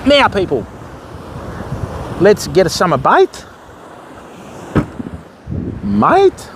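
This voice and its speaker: A high-pitched man talks fishing gear while he casts from a stormy beach. His easygoing live-stream chatter greets viewers by name and keeps calling them mate. Faint wind and surf hiss sit under his voice. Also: wildly swooping pitch, drawn-out words, gravelly. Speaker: fishing livestream host.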